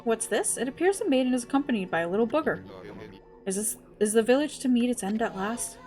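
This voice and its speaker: A woman's voice: on the high side, animated, fast, a little mellow, faint music behind, natural voice. A woman voicing a blind old male earthbound spirit, reading his game dialogue in a formal, archaic manner. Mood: solemn.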